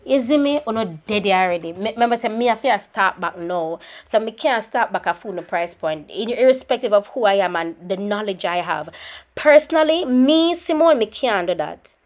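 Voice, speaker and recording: A woman's voice: mid-range voice, animated, normal speed. A woman with a Jamaican accent, a makeup artist chatting casually in a vlog at home, slipping between standard English and patois and breaking off to scold her kids. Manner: scolds her children mid-talk. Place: home with children around.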